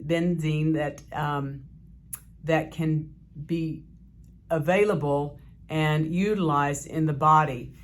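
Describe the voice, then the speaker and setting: A woman physician giving an educational health talk in a measured, explanatory way, with occasional fillers. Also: low-pitched.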